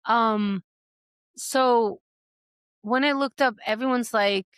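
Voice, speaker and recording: A woman's voice: fairly high pitch, slow, clear, resonant tone, no echo, clean studio sound. A woman co-hosting a podcast, chatting casually with lots of laughter and acted-out imagined quotes. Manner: animated, laughs often, acts out imagined quotes. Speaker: podcast co-host. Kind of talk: casual chat.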